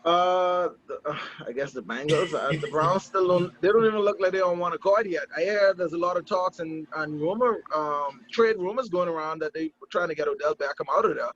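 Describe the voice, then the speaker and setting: A man hosting morning radio, chatting sports and hyping the show with lively patter. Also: high voice, fairly quick. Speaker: radio host and DJ. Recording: dull lo-fi radio broadcast.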